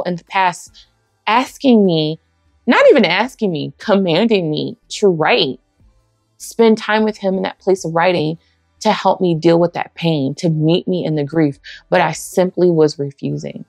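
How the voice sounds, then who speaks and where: A woman preaches a personal testimony in a low, gravelly voice, warm and conversational, and now and then she acts out bits of dialogue. The recording is dry and close, and faint music plays softly underneath. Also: no echo. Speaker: women's ministry speaker.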